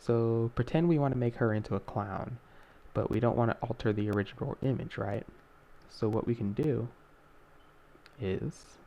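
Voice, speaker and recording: A man's voice: fairly low pitch, creaky, warm tone, highs cut off, a little hiss or hum. Rambling young man teaching digital shading. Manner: rambling, self-correcting, many fillers. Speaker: art tutorial host. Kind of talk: casual screen-recorded tutorial.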